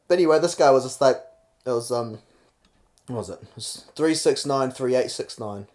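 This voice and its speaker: A young man from New Zealand with a New Zealand accent, co-hosting a podcast and telling crude comic stories quickly and loosely. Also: medium pitch, a little mellow. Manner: fast, rambling storyteller, acts out quotes. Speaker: podcast co-host. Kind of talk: crude comedic banter.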